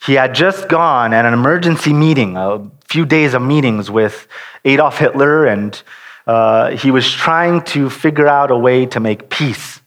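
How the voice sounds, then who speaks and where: A man's voice: medium pitch, a bit bright. Earnest man preaching a sermon. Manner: earnest, stretches key words slowly; restarts and rephrases mid-sentence.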